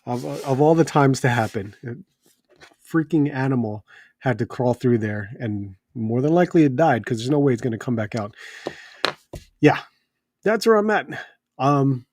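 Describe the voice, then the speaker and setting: In his thirties, a homeowner hosting a toy live stream from home goes on a rambling, exasperated rant full of restarts and fillers. His voice is medium-pitched with a darkish tone, captured in studio quality without echo.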